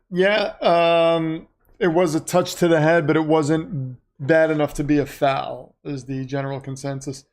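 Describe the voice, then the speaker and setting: On a live stream, a man reacts to a football game: he chats easily, reads comments from viewers, calls the action as it unfolds and goes off on tangents. His voice leans high and a little mellow.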